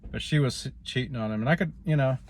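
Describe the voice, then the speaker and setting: A man's voice: mid-range voice, fast talker. A man vlogging in a rambling, casual way, stopping often on "you know" as he drifts from politics to personal life.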